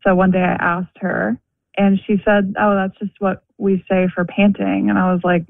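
A woman's voice: mid-range voice, little pitch movement, gravelly, no room sound. Young woman caller, talkative storyteller, heard over a tinny phone line. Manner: chatty, many "like" fillers, quick storytelling. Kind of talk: phone-in call. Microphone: telephone.

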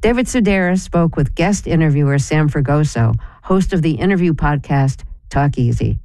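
Brief: public radio host, smooth resonant read, dry studio. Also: mid-range voice, expressive, normal speed, darkish tone, no echo. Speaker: radio host introducing a guest. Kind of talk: scripted broadcast introduction.

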